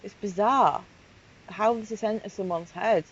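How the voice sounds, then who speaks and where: In an unhurried, mid-range voice, a woman vlogger works through chat logs, commenting casually yet with emphatic indignation and outrage. The home recording is a bit muffled and carries a faint hiss.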